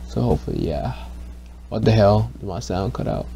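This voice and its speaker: A young man recording a casual voiceover for his gaming channel. He rambles, swears constantly, restarts his sentences and gets excitable. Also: lowish voice, a little fast, vocal fry, a little hiss or hum.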